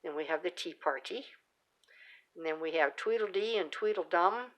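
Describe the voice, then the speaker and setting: At a moderate pace and a fairly low pitch, a middle-aged craft-channel host gives a casual show-and-tell of her handmade work. She talks loosely, filling in with fillers and restarting often.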